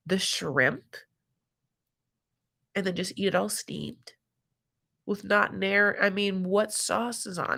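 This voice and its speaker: A woman's voice: mid-range voice, slow, creaky, long pauses, sharp tone, husky. A woman hosting a reality TV recap live stream in casual commentary, chatty and giggly, leaning on fillers and calling people honey and my love.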